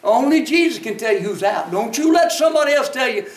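In an echoey hall, a distant male preacher speaks fast with a very high, animated voice. His sermon is homey and emphatic, climbing to shouts whenever he performs voices.

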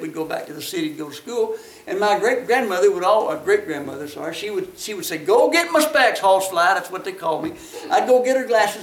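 Folksy preacher, man, high voice, emphatic peaks, roomy distant sound. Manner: folksy storytelling, rising to emphatic shouts. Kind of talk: sermon. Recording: echoey, from a distance off the mic.

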